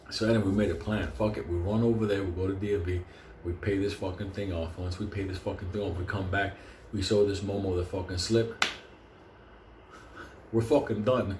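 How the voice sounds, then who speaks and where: A man's voice: fairly low pitch, steady tone, normal speed, long pauses, darkish tone. Swearing new guy telling a story, keeps cracking up, echoey room, faint background hum. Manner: profane, laughing often mid-sentence. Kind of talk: casual anecdote. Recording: roomy echo with faint ambience.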